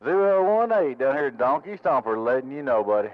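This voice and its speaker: A man's voice: mid-range voice, big pitch swings, a little fast, phone-quality sound. A man at his home radio station, chatting on CB and repeating call signs and handles in radio lingo. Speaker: CB radio operator.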